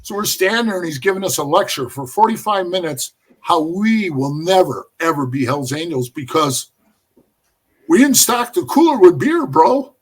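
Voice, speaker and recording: Middle-aged male guest, a high-pitched, animated storyteller who swears freely. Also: normal speed, husky. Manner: animated, profane, addresses the host as bro. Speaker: podcast guest. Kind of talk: storytelling in casual conversation.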